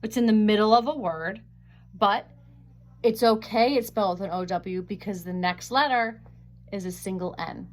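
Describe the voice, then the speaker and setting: A woman at medium pitch works through a phonics lesson, carefully and slowly sounding out words, recorded on a webcam mic.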